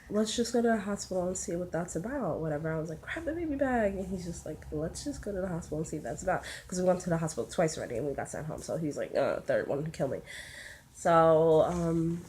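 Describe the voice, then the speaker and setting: A young woman casually telling a personal story, blunt and profane, acting out what people said. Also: lowish voice. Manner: blunt and profane, acts out quotes with rising excitement. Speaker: vlogger.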